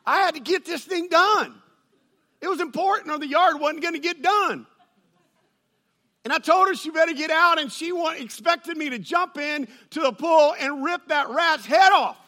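A man preaching a sermon, telling a funny personal story and building to loud, excited peaks. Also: very high voice, moderate pace. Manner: storytelling with humor, rises to shouting. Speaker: pastor.

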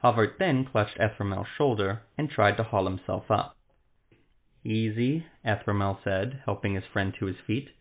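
Male narrator, fantasy story reading, measured and dramatic, lowish voice, tinny phone-like sound.

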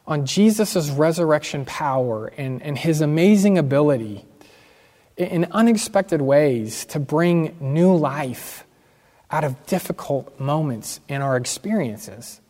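A man's voice: on the high side, darkish tone. A man preaching a sermon as pastor, earnest and emphatic, repeating key phrases. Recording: long hall reverb.

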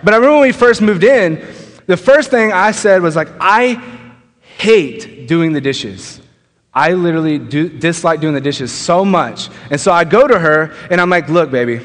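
A young man preaching a sermon, telling a personal story and acting out the quoted lines with lively changes of pitch and pace. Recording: long reverb of a large hall.

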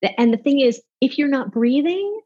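A woman speaking as a public speaking coach in an off-the-cuff interview, animated and demonstrating with her voice. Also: high-pitched, moderate pace, dull audio.

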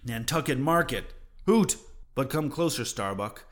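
A man's voice: mid-range voice, animated, unhurried, fairly bright tone. A man voicing an obsessed, vengeful old male sea captain in a fervent, declaiming way.

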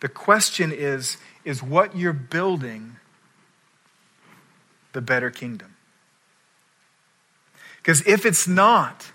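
Male pastor, middle-aged, bright forceful tone, slightly high voice, animated sermon delivery. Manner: animated storytelling, acts out quoted voices.

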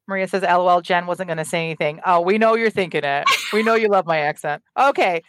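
A woman's voice: fairly low pitch, fast talker, slight background noise. A woman hosting a writing stream who chats enthusiastically and reads out viewer comments, with plenty of fillers. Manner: chatty, enthusiastic, many fillers. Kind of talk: casual chat.

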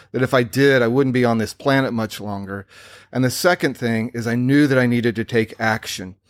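A man's voice: mid-range voice, dry recording. A man hosting his own podcast, telling a candid personal story in an earnest, reflective way. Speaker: podcast host.

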